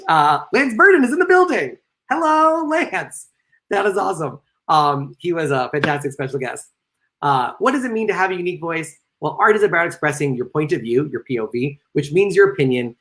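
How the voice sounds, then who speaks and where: A man's voice: animated, brisk, fairly bright tone. A man giving a live-streamed lecture to performers, reading out chat comments and cracking joking asides as he goes. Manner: joking asides, sudden playful jumps in pitch. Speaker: lecturer and comedian.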